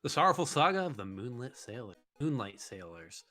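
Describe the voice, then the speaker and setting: Man playing a horror game, bright lively voice, excitable, swears a lot, faint music. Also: medium pitch, a little fast, hardly any pauses. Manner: excitable, swearing, laughing often. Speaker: let's play host. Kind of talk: casual game commentary, reading game text aloud.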